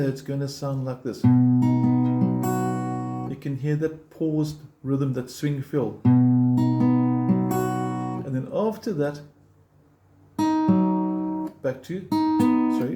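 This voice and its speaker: A man's voice: a little high, slow, long pauses. A man teaching a guitar lesson, explaining picking step by step in a patient, encouraging way and counting beats aloud. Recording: roomy sound with loud guitar playing.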